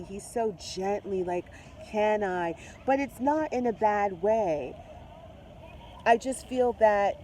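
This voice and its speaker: An effusive tarot reader talks straight to the viewer in a casual reading. The voice sits mid-pitch with a mellow, rounded tone. Faint noise hums behind it. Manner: mixes spiritual talk with swearing and slang.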